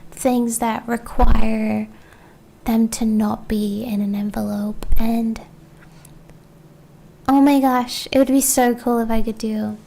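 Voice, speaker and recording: Rambling higher-voiced woman on a stream. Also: flat delivery, slow, vocal fry, long pauses, mellow. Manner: rambling, self-deprecating, trails off mid-thought. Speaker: co-host and artist. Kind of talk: casual livestream chat.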